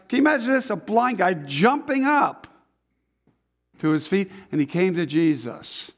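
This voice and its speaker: A man's voice: high-pitched, animated, moderate pace. A man pastor reading a Bible passage aloud and acting out the characters' lines as he goes. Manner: dramatizes the story, putting on voices for the crowd. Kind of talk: animated scripture reading with acted voices.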